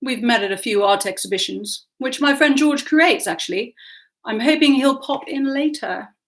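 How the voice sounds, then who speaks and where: A woman's voice: on the high side, lively intonation, moderate pace. Woman reading as a breezy, joking young man. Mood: jokey. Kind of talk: audiobook character voice.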